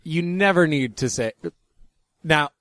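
A man's voice: on the high side, slow pace, no room sound, studio quality. A man co-hosting a podcast, joking and mock-outraged in casual comedic commentary. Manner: animated, jokey, mock-outraged. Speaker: podcast co-host.

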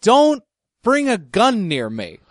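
High-voiced emphatic man. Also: huge pitch swings, slow, no echo, clean studio sound. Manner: emphatic, swears. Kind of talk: casual chat.

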